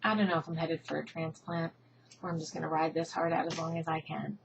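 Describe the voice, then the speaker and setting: A woman's voice: sits low, flat delivery, fast, gravelly, muffled recording, a little hiss or hum. A middle-aged woman from New Jersey telling her family story, emotional and heartfelt, her voice sometimes dropping to a whisper. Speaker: patient advocacy founder. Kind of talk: personal story to camera.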